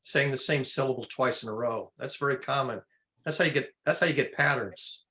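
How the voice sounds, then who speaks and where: A man's voice: mid-range voice, fairly quick, bright, forceful tone. A man moderating a casual group video call, playful and chatty, explaining word patterns. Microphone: computer mic on a video call.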